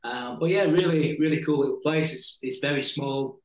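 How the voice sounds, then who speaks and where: A man from Sheffield with a slight Yorkshire accent, chatting in a relaxed way as a football coach guest on a podcast, with frequent pauses. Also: a little high, echoey room, poor audio. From Sheffield, England. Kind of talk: casual conversational interview. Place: at home in Hong Kong, evening. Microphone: remote podcast call.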